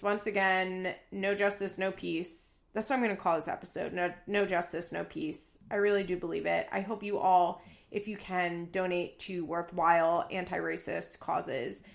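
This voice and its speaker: A woman hosts a casual recap podcast, talking in a chatty, sarcastic way with frequent swearing. Her voice sits at a middle pitch and carries a roomy echo from the space around her. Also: fairly even intonation, normal speed, vocal fry. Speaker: podcast host.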